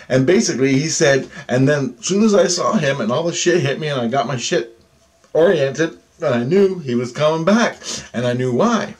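A man's voice: a little high, moderate pace. Rambling, foul-mouthed man telling a story. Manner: rambling, profanity-heavy, swings between muttering and excited outbursts; restarts and repeats himself often. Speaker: vlogger recounting personal experiences. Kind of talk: casual storytelling monologue.

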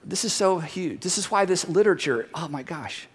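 A male pastor giving a sermon in a church, animated and conversational, dropping to hushed emphasis on key points. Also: sits high, moderate pace, slightly rough, in a large hall. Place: church sanctuary.

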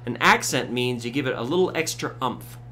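A man giving a casual ukulele tutorial, relaxed, with frequent fillers, counting beats aloud. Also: mid-range voice, brisk. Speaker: ukulele teacher. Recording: loud ukulele under voice. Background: ukulele strumming.

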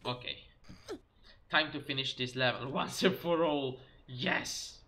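Bright-voiced male game streamer. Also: medium pitch, takes it slowly. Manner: chatty, exclaiming at the game, talking to chat. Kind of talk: live game stream commentary.

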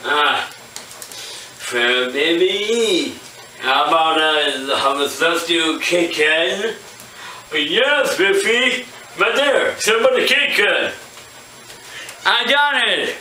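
A playful young man improvises a toy puppet skit in a high, very bright voice, with excitable bursts of shouting. He speaks at a slow, drawn-out pace. He sounds far from the mic, in an echoey room with faint background noise.

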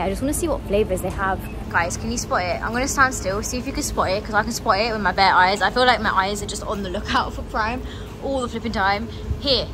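A chatty young woman vlogging casually to her viewers, a bit out of breath from walking between shops. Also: on the high side. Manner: chatty and excitable, addressing viewers as guys. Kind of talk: casual vlog to camera.

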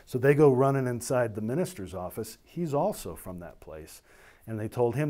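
A middle-aged man, a military officer, recounting a personal story in an animated way, slipping into the voices of the people he describes. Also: mid-range voice, normal speed. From United States. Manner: animated storytelling, voicing others in dialogue.

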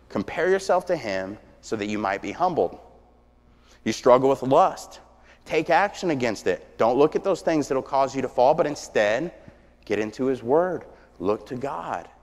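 A man preaching a sermon, telling stories with energy that swings from hushed to shouting. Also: medium pitch. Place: church sanctuary. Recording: long church reverb.

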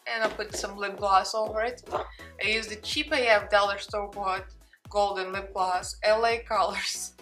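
Young woman, Russian accent, mid-pitched, chatty makeup vlogger, faint music under her. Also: sharp tone. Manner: chatty, talks to her cat between steps. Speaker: beauty vlogger. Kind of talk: casual makeup tutorial chat.

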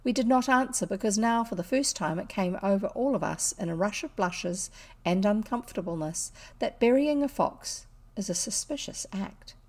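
A woman with a New Zealand accent, reading a classic children's story aloud in an expressive, measured way. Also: medium pitch. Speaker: audiobook reader. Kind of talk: storybook narration.

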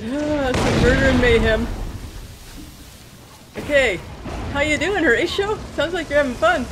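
A woman's voice: sits high, moderate pace, long pauses, noisy background. A woman giving casual gameplay commentary, chatting to her in-game pet companion as she plays. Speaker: let's play gamer.

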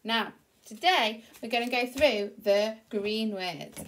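A woman teaching a phonics reading lesson to young children, slow, clear and encouraging. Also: medium pitch, fairly bright tone.

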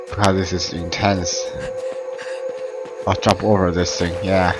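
Deep-voiced young man doing game commentary. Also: a little slow, pauses often, poor audio. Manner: excitable, swears, broken English. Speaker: gameplay commentator. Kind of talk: let's play commentary. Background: game music.

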